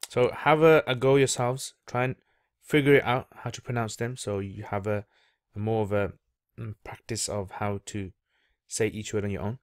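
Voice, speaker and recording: A man teaching Arabic reading leads a patient, slow step-by-step lesson, repeating each letter sound so the listener can follow along. His pitch is fairly low, his intonation fairly even, and his pace moderate. The studio sound is clean, with no room sound.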